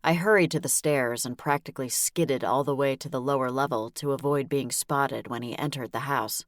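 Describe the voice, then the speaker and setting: A woman narrating a novel in the first person, with a wry, brisk delivery. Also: rumbling low, no echo, studio quality. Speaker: audiobook narrator.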